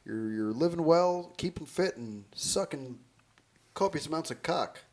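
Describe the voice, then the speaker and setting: A man on a podcast hamming up a crude middle-aged TV fitness doctor in an emphatic pitch voice. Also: expressive, a little slow, a little mellow. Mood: hammy. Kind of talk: comedic impression on a podcast.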